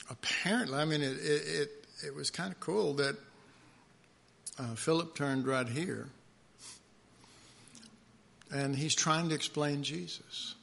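A man preaching a conversational sermon, pausing often with fillers and restarts as he reads scripture aloud and stresses words. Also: mid-range voice, gravelly, fairly bright tone, a little hiss or hum. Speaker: pastor.

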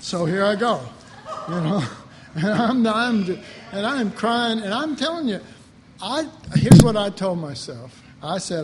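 Brief: male preacher with a high voice, emphatic and chatty, echo of a large hall. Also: lively intonation, slow pace. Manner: emphatic, conversational, acts out his own inner dialogue. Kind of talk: sermon, Bible teaching. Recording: hall reverb with faint background noise.

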